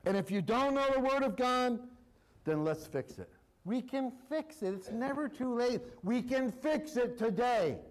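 A man's voice: very high-pitched, expressive, a little slow, low-quality recording. A male pastor preaching a sermon, reading scripture aloud and repeating his points with emphasis.

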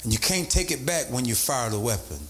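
A man preaching a sermon as bishop, repeating points and rising into sing-song emphasis. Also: brisk. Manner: animated, swoops from low to high pitch, sing-song emphasis.

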